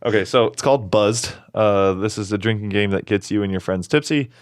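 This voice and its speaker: A man's voice: fairly low pitch, fairly quick, no room sound, clean studio sound. A man in his twenties hosting a casual podcast chat, easygoing and rambling. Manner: easygoing, rambling with fillers and restarts. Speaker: podcast host.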